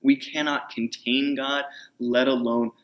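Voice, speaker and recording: A man's voice: medium pitch, a little slow. A man preaching a conversational sermon, explaining scripture and paraphrasing characters in his own words. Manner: conversational Bible teaching, paraphrasing in a lively voice. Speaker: pastor.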